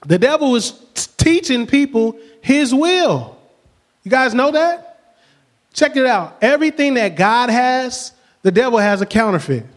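A middle-aged man preaching a sermon, energetic, with frequent call-outs and laughs. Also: extremely high pitch, unhurried. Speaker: pastor.

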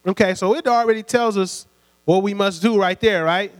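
High-voiced preacher in a reverberant hall. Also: male voice, normal speed. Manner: call-and-response, prompting the congregation; conversational, laughs between points. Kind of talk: sermon. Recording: long hall reverb with mains hum.

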